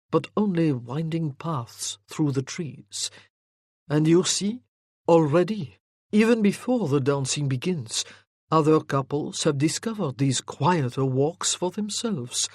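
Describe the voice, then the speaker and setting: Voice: medium pitch, darkish tone, dry recording, clean studio sound. A reader voicing a teasing, worldly French nobleman in a historical romance audiobook, with a suave, mocking delivery. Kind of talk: audiobook character reading.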